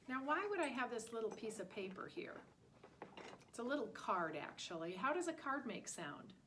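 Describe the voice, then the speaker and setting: A woman's voice: a little high, very animated, moderate pace, noisy background. A woman teaching a listening lesson to preschool children, talking in an exaggerated, sing-song way.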